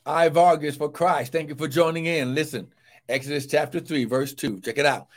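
A man preaching a live sermon, fervently calling out praise and shouting scripture, then dropping to a low murmur between shouts. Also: steady tone, moderate pace.

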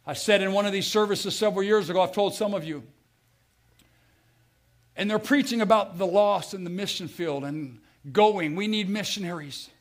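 A middle-aged American man preaching a sermon, telling stories with feeling and swinging from loud to hushed. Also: high-pitched, normal speed. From United States. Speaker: pastor.

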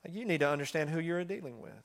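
Animated preacher man with a high voice. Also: very fast. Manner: animated, swings between loud and hushed; conversational, full of fillers. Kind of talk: sermon.

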